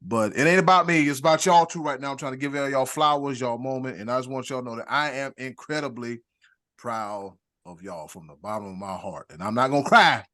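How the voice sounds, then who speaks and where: A man hosting a casual sports podcast, rambling warmly and hyping up his co-hosts with big introductions. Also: mid-range voice, brisk. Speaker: podcast host.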